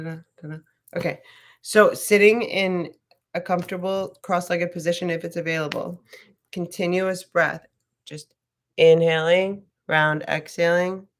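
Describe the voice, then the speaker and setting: A woman teaching a casual live yoga class, chatty and rambling, swearing freely as she talks. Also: fairly low pitch.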